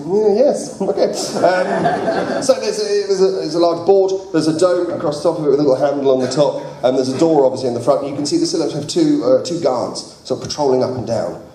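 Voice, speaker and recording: A man's voice: a little high, fairly quick, hardly any pauses, crowd noise. A man hosting a live tabletop role-playing show as game master, narrating with a jokey, laughing manner at a games convention. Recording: echoey hall with audience.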